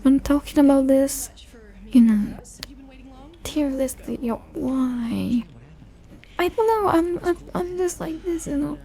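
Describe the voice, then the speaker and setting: A young woman soft-speaking for an ASMR video, rambling in a relaxed way, losing her focus and mocking herself, sometimes dropping into a whisper. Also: sits high, unhurried. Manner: rambling and self-deprecating, loses focus; soft-spoken with bits of whisper. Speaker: ASMR creator. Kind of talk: soft-spoken ASMR chat.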